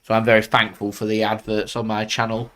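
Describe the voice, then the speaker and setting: A man's voice: lowish voice, completely flat delivery, fairly quick, fairly bright tone. A man hosting a live football watchalong stream from home, chatting loosely and reacting to the play as it happens. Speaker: football fan channel host. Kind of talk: live match watchalong commentary.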